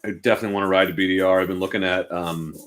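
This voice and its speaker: A man's voice: low-pitched, fairly even intonation, very fast, very noisy. A young adult man from Oregon, chatting casually and self-deprecatingly as a motorcycle channel host, answering viewers from his home garage. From Oregon, United States.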